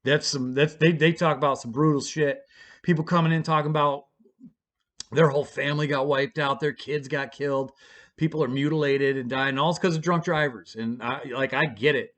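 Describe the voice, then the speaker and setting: Vlogger, man, casual profane storyteller, somewhat higher voice, rambling delivery. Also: fairly even intonation, normal speed, fairly bright tone. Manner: blunt, profane, rambling with restarts. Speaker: vlogger telling his own story.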